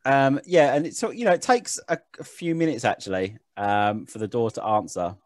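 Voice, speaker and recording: A man narrating a tabletop session as game master, rambling and laughing at his own slips. His voice sits at an ordinary pitch and sounds close and dry, with little room sound. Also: normal speed, dry recording. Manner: rambling, self-mocking, laughs at himself.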